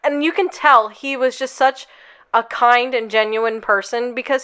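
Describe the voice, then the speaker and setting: A woman's voice: high voice, steady tone, normal speed, a bit bright, clean tone. A young woman co-hosting a podcast, telling a long story in a rambling, casual way full of fillers. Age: young adult. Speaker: podcast co-host.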